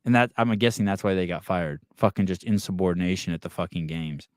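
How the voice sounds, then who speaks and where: A man's voice: deep voice, quick pace, no room sound, clean studio sound. A man hosting a podcast, ranting in casual talk and swearing constantly. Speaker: podcast host. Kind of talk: profane casual podcast rant.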